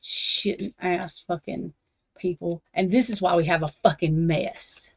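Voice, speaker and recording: A woman's voice: on the low side, fairly even intonation, measured pace, husky, dry recording. A woman at her desk at home, ranting angrily and swearing as she reacts to true crime documents. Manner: angry, profane ranting.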